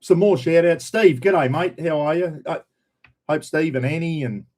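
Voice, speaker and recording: This older man, speaking in an Australian accent, is hosting a laid-back live stream and welcoming viewers by name, blunt and talkative with plenty of swearing. His voice leans high, with a darkish tone and a normal pace.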